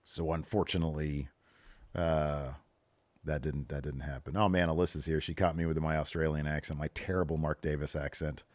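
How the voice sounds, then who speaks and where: A man's voice: very deep voice, fairly even intonation, moderate pace, no room sound. A man co-hosting a wrestling podcast, chatting loosely with plenty of fillers. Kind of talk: casual recap chat.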